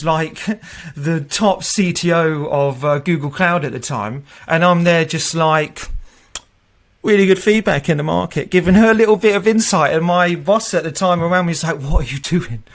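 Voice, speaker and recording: A man in his thirties, a tech recruiter being interviewed, telling stories in a loose, chatty way and often laughing and acting out what people said. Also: a little high. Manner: chatty, laughs often, acts out quoted voices. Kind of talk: casual interview storytelling.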